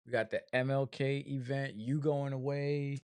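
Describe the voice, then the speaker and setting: A man's voice: medium pitch, flat delivery, moderate pace, a little mellow, clear, resonant tone. A man co-hosting a casual live chat, playful and teasing. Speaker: co-host.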